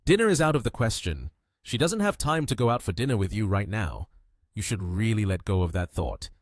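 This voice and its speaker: A man voicing an excitable, cheerful young man. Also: fairly low pitch, a little fast, dry recording, studio quality. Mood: excited.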